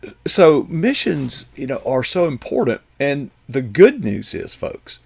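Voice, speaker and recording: Man, talk host, gravelly voice, dry sound, folksy, joking asides. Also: mid-range voice, big pitch swings, a little slow, a little mellow, no room sound. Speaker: host, psychologist. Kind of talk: casual chat.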